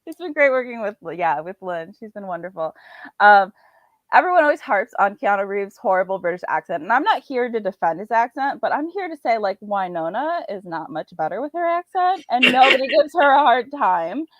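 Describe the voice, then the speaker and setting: A woman's voice: a little high, sing-song, normal speed, no room sound. Chatty woman guest, filler-heavy, dry lo-fi recording. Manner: chatty, filler-heavy, acts out her own thoughts. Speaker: indie author and podcast guest. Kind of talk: casual interview chat. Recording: dull, slightly lo-fi dry sound.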